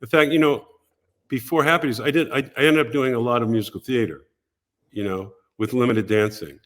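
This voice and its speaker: Older guy guesting on a podcast, rambling animated stories, does little voices for people. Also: mid-range voice, brisk. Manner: animated anecdotes, acts out other people's voices. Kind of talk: casual storytelling interview.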